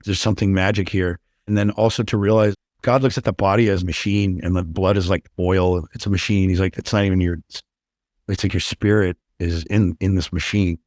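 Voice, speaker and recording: Blunt, intense man with a low voice. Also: darkish tone, no echo, studio quality. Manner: intense, blunt, swears freely. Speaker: podcast guest. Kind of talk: candid interview talk.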